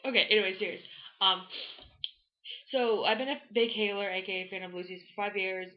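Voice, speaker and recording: A teenage girl from Florida vlogging, telling a story in an excited, rambling way full of "like" fillers. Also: mid-range voice, a little fast, muffled recording. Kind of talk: casual storytelling to camera.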